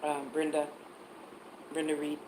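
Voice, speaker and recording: Woman psychic hosting a livestream, lower-pitched, chatty with viewers, faint noise behind. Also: completely flat delivery, unhurried. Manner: chatty, answers viewer comments, spells words out. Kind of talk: casual livestream chat.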